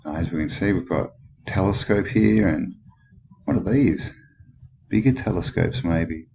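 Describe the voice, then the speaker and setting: A deep-voiced Australian man rambles through a commentary on old photos, thinking aloud and asking skeptical questions. The recording sounds dull and lo-fi, with steady noise clearly audible behind him. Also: a little slow. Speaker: channel host.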